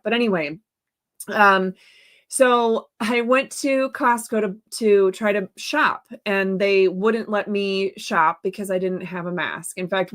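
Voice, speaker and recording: A woman telling a story in a casual interview, animated and exasperated, acting out what people said to her. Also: mid-range voice. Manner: animated, exasperated retelling with quoted dialogue. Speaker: guest, stand-by counsel. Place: live stream, remote.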